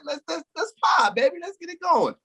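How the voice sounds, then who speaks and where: A man's voice: very high-pitched, sing-song, a little fast, gravelly, bright, forceful tone. A man hosting a casual podcast chat, upbeat and hyping up his co-hosts as he moves the talk along. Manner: upbeat, hypes up the crew. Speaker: podcast host.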